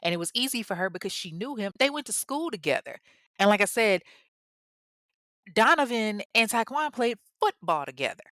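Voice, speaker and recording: A woman's voice: mid-range voice, sing-song, moderate pace, a bit bright, no echo, studio quality. A woman hosting a true crime show, retelling a case in a conversational way full of asides. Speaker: host.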